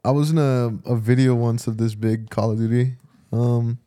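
A man's voice: medium pitch, level tone, moderate pace, warm tone, no room sound, studio quality. A young man co-hosting a podcast, telling a rambling story with lots of restarts in casual chat. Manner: rambling, laid-back, trailing restarts. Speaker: podcast co-host.

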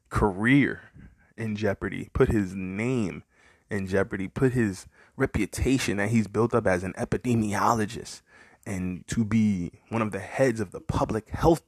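A man's voice: lowish voice, no room sound, studio quality. A man giving rambling, profane opinion commentary, firing off heated, mocking rhetorical questions at his listeners. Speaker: commentary podcaster.

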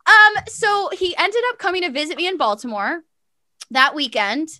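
A young woman telling a long personal story in casual chat, sassy and animated, full of fillers and quoted dialogue. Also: high-pitched, moderate pace, noisy background.

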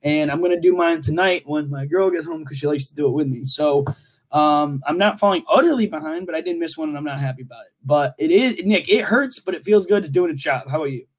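A man's voice: a little high, fast. A young man co-hosting a podcast in loose, joking casual chat, swearing freely. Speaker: podcast co-host.

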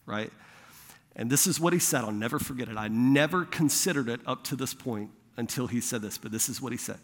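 A man's voice: mid-range voice, fairly quick. A young adult man, a pastor, telling a personal story in a sermon in a conversational way, acting out the voices of the people he quotes. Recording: long hall reverb.

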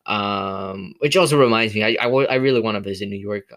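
A man's voice: medium pitch, fast talker, hardly any pauses, a bit bright. A man hosting a casual solo movie review podcast, rambling with many fillers and restarts, from California. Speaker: podcast host.

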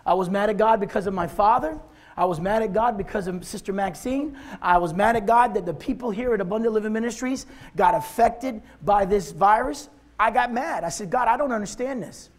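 High-voiced impassioned male preacher. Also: fairly quick. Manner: impassioned, emphatic preaching with repetition. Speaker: pastor. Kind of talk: sermon.

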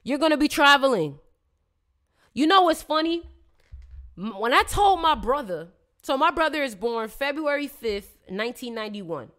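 Chatty woman with a higher voice. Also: very animated, normal speed, fairly bright tone. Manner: chatty and playful, slangy, teasing viewers. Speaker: live-stream astrology reader. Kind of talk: casual live-stream chat.

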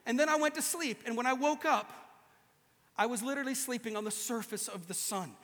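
High-voiced man preaching in a hall. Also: a little fast. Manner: animated, joking, acts out quoted voices. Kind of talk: humorous sermon to a live audience. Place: large hall with an audience.

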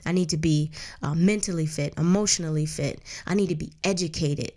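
A woman's voice: low voice, fairly quick, dark tone. A woman in her thirties, a guest in an interview, telling her life story in a candid, earnest way, often restarting her sentences. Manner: acts out others' words in a raised voice. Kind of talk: casual personal storytelling.

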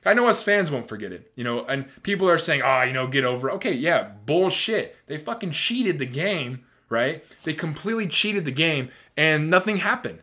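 A man in his thirties hosting a sports podcast, ranting in a casual, animated way with swearing and lots of fillers. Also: on the high side, normal speed, hardly any pauses. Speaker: podcast host.

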